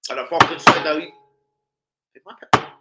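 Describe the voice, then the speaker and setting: A man chatting casually on a football live stream, swearing freely and breaking into loud, excited shouts. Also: a little high, normal speed, heavy background noise.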